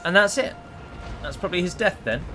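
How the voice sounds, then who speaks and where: A man's voice: high voice, lively intonation, fairly quick, over music. A man giving casual live gameplay commentary, chatty and wry, talking to his units as he plays. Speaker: gaming video creator.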